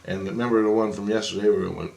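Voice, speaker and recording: A man's voice: on the low side, fairly even intonation, very fast, vocal fry, a little mellow. A man vlogging in a casual, rambling monologue, swearing freely and repeating phrases as he acts out what he said. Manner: profane, repeats phrases, acts out his own quotes. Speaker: paranormal vlogger. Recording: echoey room with faint ambience.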